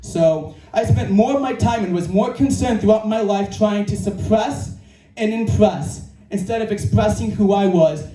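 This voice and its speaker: At a live event in an indoor creative venue, a man with a very high yet mellow voice delivers an earnest, emphatic motivational talk, frequently repeating his key phrases. The mic catches him from a distance in an echoey room, and faint music plays in the background before the audience.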